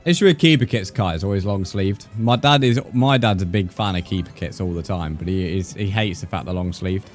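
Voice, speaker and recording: A man's voice: low-pitched, brisk, hardly any pauses, soft background music. A young man from the UK with a British accent, chatting casually with viewers on a live gaming stream and dropping slang like mate and bro. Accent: British English. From United Kingdom.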